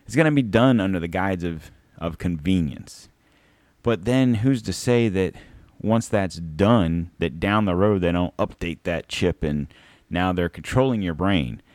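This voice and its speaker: Male host, deep voice, dry recording; sarcastic off-the-cuff commentary with plenty of cursing. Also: unhurried, darkish tone, no room sound. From Florida. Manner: sarcastic, rambling, swears freely. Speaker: podcast host. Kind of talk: casual rambling commentary.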